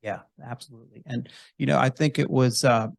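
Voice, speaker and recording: A man hosting a podcast, chatting casually and rambling a little as he goes. His voice sits at an ordinary pitch, and it sounds dry and close, with no room around it. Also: fairly even intonation, brisk, vocal fry, dry recording. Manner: easygoing, rambling with restarts. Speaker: podcast host. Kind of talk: casual interview chat.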